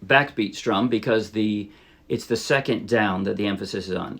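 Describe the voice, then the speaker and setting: A man teaching a ukulele song in a relaxed, casual way, thinking aloud and correcting himself as he plays. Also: lowish voice, moderate pace, vocal fry, over music. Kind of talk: casual instructional talk. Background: ukulele playing.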